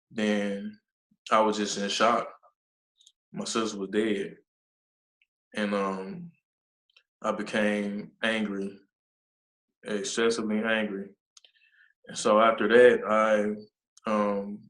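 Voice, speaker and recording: A man, a nonprofit founder, telling a personal story in an interview, halting and pausing often with fillers. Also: lowish voice, fairly bright tone, roomy sound, low-quality recording. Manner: halting, with many pauses and fillers.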